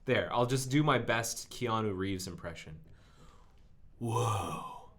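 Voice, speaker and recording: A man's voice: fairly low pitch, expressive, moderate pace, a bit bright. A man hosting a live coding stream, thinking aloud as he works through code with frequent ums. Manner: musing and self-narrating, with frequent ums.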